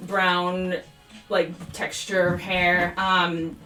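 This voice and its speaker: A woman's voice: lowish voice, little pitch movement, very slow, bright, forceful tone. A woman running a tabletop game as game master on a live stream, narrating in a rambling style full of fillers. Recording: roomy echo, mic at a distance, music behind.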